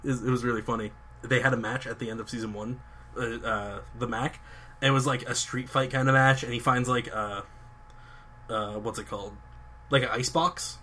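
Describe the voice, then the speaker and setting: A young man hosting a podcast, telling a long story with excitement, lots of fillers and restarts. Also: mid-range voice, moderate pace, slight background noise. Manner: enthusiastic, rambling storytelling with many fillers and restarts. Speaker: podcast host. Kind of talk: casual chat.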